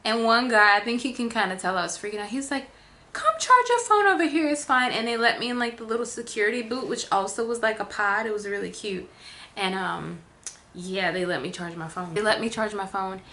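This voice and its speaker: A woman vlogger telling a casual storytime, chatty with lots of fillers, acting out quotes with big jumps in pitch. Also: fairly even intonation, fairly quick, pushed and bright.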